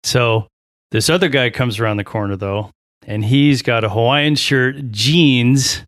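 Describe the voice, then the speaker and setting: A man, a pilot and podcast guest, telling a long story in a casual, animated way, acting out the voices of others and often restarting his sentences. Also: mid-range voice, measured pace, no room sound, studio quality. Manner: animated, acts out quoted voices, frequent restarts.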